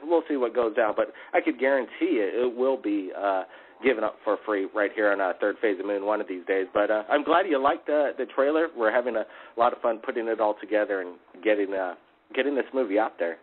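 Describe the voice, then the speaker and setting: A man's voice: mid-range voice, brisk. A man hosting a live call-in radio show, upbeat and chatty, with plenty of fillers. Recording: phone-like narrow audio.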